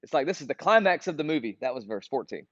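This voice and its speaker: A man's voice: medium pitch, big pitch swings, quick pace, dry recording. Earnest man leading a Bible study. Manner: earnest and conversational, reads scripture aloud. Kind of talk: casual group Bible study discussion. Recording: dull, dry lo-fi recording.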